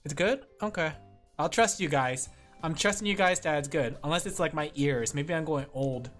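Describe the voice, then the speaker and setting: A streamer with a medium-pitched, fairly bright voice chats at a normal speed while drawing, rambling, laughing often, and speaking straight to viewers. The setup is a streaming microphone with headphones, and faint music runs in the background.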